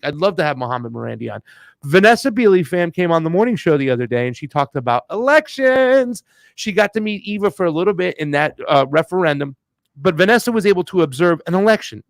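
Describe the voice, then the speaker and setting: A male co-host with a slightly high voice, talking in blunt, slangy, heated bursts. The sound is close and dry, with no room around it. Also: expressive, fairly quick, no room sound. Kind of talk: casual political chat.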